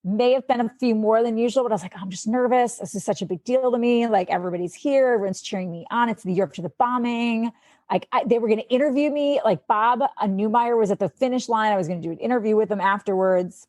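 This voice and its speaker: A woman, a sports anchor guesting on a podcast, telling a story in a chatty, animated way full of "like" and acted-out quotes. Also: fairly high pitch, fast, no echo. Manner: chatty, fills speech with "like". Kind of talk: casual storytelling.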